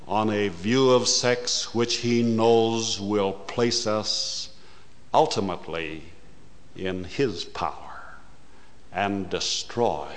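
Slow deliberate preacher guy, lowish voice, big surges, long hall echo. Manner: slow, deliberate preaching that swells loud and fast in bursts. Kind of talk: sermon.

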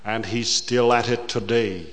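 A man preaching a sermon, slow and deliberate, rising to loud, fast bursts before dropping low again. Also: fairly even intonation, in a large hall.

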